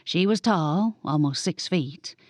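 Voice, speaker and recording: Lively woman narrating an audiobook. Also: fairly low pitch, slow, no echo. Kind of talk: first-person audiobook narration.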